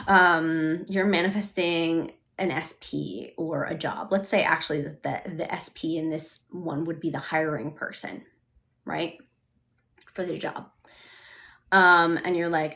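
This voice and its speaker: Chatty woman with a low-pitched voice. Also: steady tone, measured pace, a bit bright. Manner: chatty, uses lots of "like", acts out quoted self-talk. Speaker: manifestation coach. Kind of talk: casual live-stream talk.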